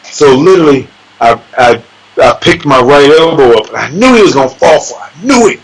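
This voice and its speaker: Man, MMA fighter guest, fairly high voice, profane, animated storytelling, sound effects. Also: fairly quick, rough recording.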